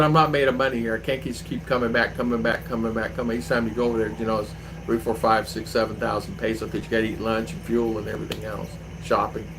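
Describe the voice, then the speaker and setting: A man telling a story in casual vlog style, acting out the voices of the people in it, recorded outdoors with faint traffic behind him. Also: lowish voice. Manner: animated, mimics voices when retelling exchanges. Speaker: vlogger. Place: outdoors, riding an e-bike.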